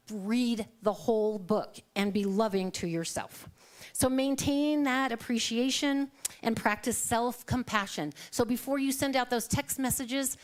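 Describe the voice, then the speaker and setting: A middle-aged woman giving a conversational sermon, telling personal stories, acting out quoted dialogue and laughing often. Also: mid-range voice. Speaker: guest speaker at a Sunday service.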